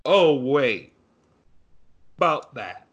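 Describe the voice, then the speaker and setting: A man's voice: medium pitch, sing-song, extremely slow, fairly bright tone, highs cut off. A young man co-hosting a casual sports podcast, sarcastic and ranting, swearing freely. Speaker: podcast co-host.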